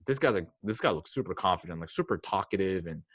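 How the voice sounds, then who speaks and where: Chatty young man, lowish dry voice. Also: lively intonation, quick pace, a bit bright, husky, no echo. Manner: chatty, lots of fillers and acted-out quotes; self-mocking. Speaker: podcast guest. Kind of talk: casual storytelling.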